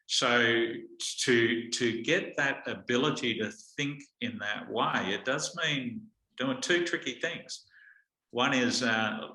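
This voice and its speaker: A man, a guest telling stories in a relaxed conversation, with lots of fillers and restarts. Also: lowish voice. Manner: animated anecdotes with frequent fillers and restarts. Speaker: guest speaker. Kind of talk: conversational storytelling. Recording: echoey room.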